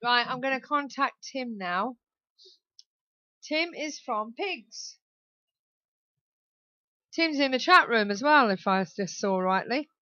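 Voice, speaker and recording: A woman's voice: on the high side, animated, slow pace, long pauses, pushed and bright, dry recording, dull audio. A woman from southern England hosting a community radio talk show, chatty and laughing often. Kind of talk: casual radio chat.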